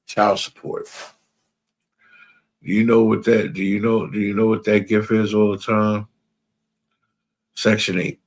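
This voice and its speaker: Man, religious class teacher, husky and low, emphatic preaching, quotes scripture. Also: a little mellow. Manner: emphatic, repeats phrases, asks "you understand?"; reads out scripture verses.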